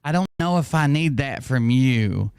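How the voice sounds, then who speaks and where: A man's voice: medium pitch, lively intonation, measured pace, a little mellow, clear, resonant tone, no room sound, studio quality. A man hosting a casual livestream, rambling and self-mocking, laughing often. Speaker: streamer host.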